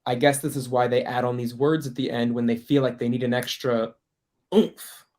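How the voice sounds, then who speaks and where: A man's voice: medium pitch, little pitch movement, normal speed, darkish tone. A man chatting casually over a video call as he teaches French. He laughs often and slips into playful voices when he quotes people. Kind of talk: casual online workshop talk.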